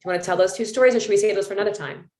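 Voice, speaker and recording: A woman's voice: mid-range voice, racing, a little mellow. A woman hosting a podcast, telling a story in a chatty, casual way full of fillers. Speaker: podcast host. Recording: roomy echo.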